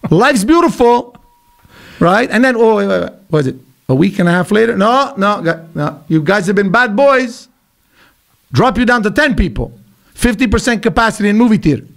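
A middle-aged man from Quebec, telling stories as a podcast guest in an animated, emphatic way with blunt asides. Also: sits high, moderate pace, gravelly. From Quebec, Canada. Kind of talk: casual podcast conversation.

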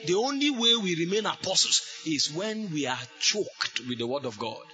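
A man preaching a sermon, fervent, with sudden shouted bursts. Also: high-pitched, big pitch swings, normal speed, breathy edge.

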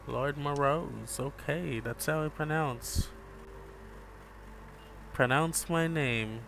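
A man giving relaxed live gameplay commentary, chatting with viewers and calling them bro. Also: a little high, slow pace, vocal fry, a little hiss or hum. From Jamaica. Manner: laid-back, chats with viewers, calls them bro. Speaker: gaming streamer.

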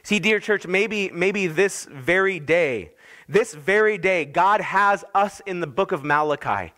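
Guy pastor preaching a sunday sermon, high voice, piles up repeated lines, earnest. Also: unhurried, sharp tone. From United States. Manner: earnest preaching with repeated emphatic phrases and restarts. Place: church.

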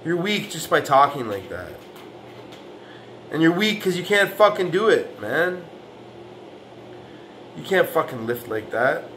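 A man's voice: a little high, sing-song, a little slow, pauses often, a bit bright, slight background noise. Boastful, profane man ranting at rivals. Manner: boastful, aggressive, profane trash talk; argumentative, repeating "man" and "right". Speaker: fitness vlogger. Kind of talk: profane reaction rant.

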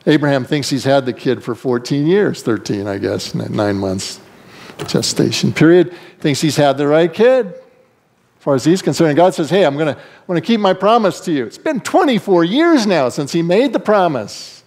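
Animated male pastor preaching. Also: moderate pace. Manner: animated storytelling, acting out voices with big pitch swings. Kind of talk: sermon.

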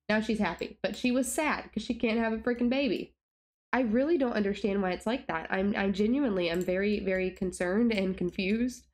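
A young woman talks through her gameplay in a loose, rambling way, repeating her questions and talking to the characters on screen. Her voice sits at an ordinary middle pitch, and her commentary stays casual and exasperated. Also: darkish tone. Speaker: gaming YouTuber.

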